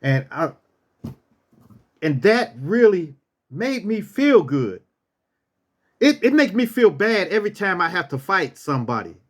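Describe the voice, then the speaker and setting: A man's voice: high-pitched, very animated, unhurried, long pauses. A man casually telling a personal story, acting out what people said and repeating phrases for effect.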